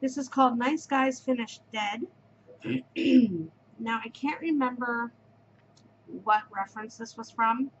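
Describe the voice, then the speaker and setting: A woman's voice: a little high, slow, long pauses, dull audio, slight background noise. A middle-aged woman hosting a knitting podcast, gushing effusively over yarn in casual show-and-tell chat and repeating her words of praise.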